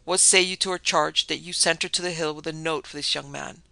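A man voicing a courtroom prosecutor, calm and measured. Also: a little high, gravelly, no echo, heavily acted. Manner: measured, quietly smiling.

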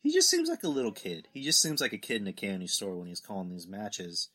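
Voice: sits low, huge pitch swings, fast, fairly bright tone, no room sound. A podcast host chatting casually, enthusiastic and agreeable, often laughing.

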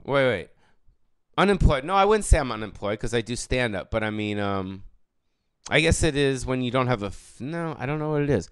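A man of about fifty rants alone on his comedy podcast. He curses freely and wanders off topic, then corrects himself. His voice is smooth and sounds close and dry, with no room around it. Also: mid-range voice, expressive, fairly quick, no room sound. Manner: rambling, profane, self-correcting. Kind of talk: casual solo podcast rant.

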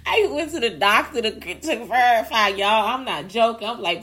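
A young woman, gushing and ranting in casual talk to her viewers, swinging between shrieks and low murmurs. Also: moderate pace, a bit bright. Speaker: vlogger.

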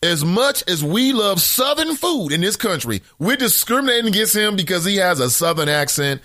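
A man's voice: sits high, sing-song, moderate pace, sharp tone, no room sound. A man hosting a morning radio talk show, giving rambling, opinionated commentary from a studio mic.

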